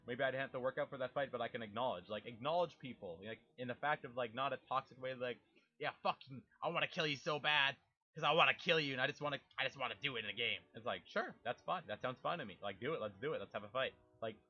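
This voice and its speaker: A young man talking casually about a video game, animated, swearing freely and imitating game sounds. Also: medium pitch, highs cut off. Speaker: gaming YouTuber. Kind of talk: casual rambling monologue.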